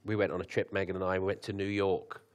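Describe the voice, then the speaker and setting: Preacher, low and conversational. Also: male voice, little pitch movement. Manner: conversational, laughs at his own asides; reads scripture slowly with lifted emphasis. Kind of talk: sermon.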